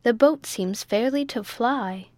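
A woman reading an audiobook, voicing a calm, polite young male ship's mate. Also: on the high side, takes it slowly, no echo.

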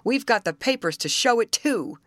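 A woman reader voicing a rough camp boss, a man who growls his answers sullenly. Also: high-pitched, sing-song, measured pace, bright, forceful tone, no room sound, clean studio sound, full character voice. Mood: defiant.

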